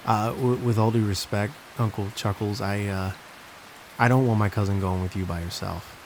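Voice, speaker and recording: A man's voice: on the low side, steady tone, normal speed, slight background noise, lightly acted. A man voicing a nervous seven-year-old boy who stammers and hesitates.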